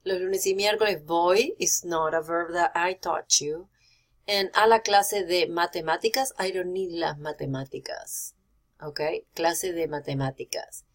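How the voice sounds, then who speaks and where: A woman teacher walks through corrections on student writing, repeating the key points so they stick. Her voice sits a little low for a woman, and she slips phrases in among her English explanations. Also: normal speed. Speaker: Spanish teacher. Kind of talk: recorded feedback on student compositions.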